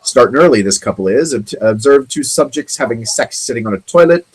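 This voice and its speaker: A man talks through strange news stories as the host of his own online show. His voice is husky and a bit breathy, sitting at an ordinary middle pitch. He rambles, stalls on ums and uhs, and drops sarcastic little jokes between the facts. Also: animated, a little mellow, poor audio. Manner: rambling, halting, with many ums and asides; sarcastic, jokey remarks on the stories. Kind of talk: casual commentary on odd news stories.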